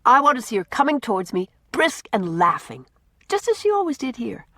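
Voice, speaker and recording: A woman's voice: fairly high pitch, big pitch swings, fairly quick, sharp tone, no room sound, voice pushed up, full character voice. A woman voicing a dreamy, imaginative doctor's wife who speaks wistfully.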